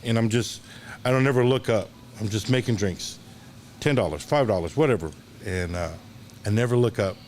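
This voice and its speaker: Man, lower voice, casual storyteller, faint room hiss behind him. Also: moderate pace. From Dallas, Texas. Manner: animated anecdotes, acts out quoted voices, hesitant restarts. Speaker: guest, longtime bartender.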